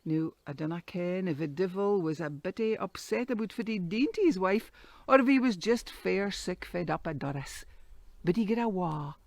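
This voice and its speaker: A woman with a Doric Scots accent telling a folktale in a dramatic, animated way. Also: lowish voice, normal speed, dry recording. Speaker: storyteller.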